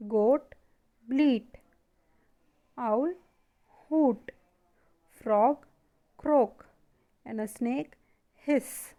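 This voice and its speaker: Woman, classroom teacher, mellow tone, unhurried, answers her own questions. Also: a little high. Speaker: primary school teacher. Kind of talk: classroom lesson video.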